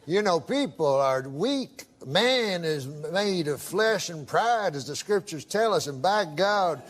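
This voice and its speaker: A man who is a talk show guest, telling a long rambling joke in a halting, deadpan drawl full of "he says" asides, in a TV studio with a laughing audience. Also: high voice.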